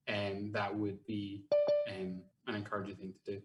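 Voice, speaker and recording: A man with a Brooklyn accent, a pastor answering a panel question earnestly, pausing often with ums. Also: lowish voice, little pitch movement, music in the background. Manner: earnest, thoughtful, frequent ums.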